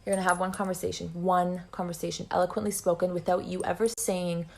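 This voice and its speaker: A woman's voice: lowish voice, flat delivery, quick pace, gravelly, hardly any pauses, a little mellow. A woman giving blunt, profane relationship advice in a lecturing tone.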